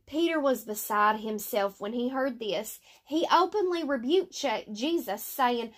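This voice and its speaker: A woman teaching a Bible story lesson, reading slowly and deliberately with fillers and self-corrections. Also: fairly high pitch, lively intonation.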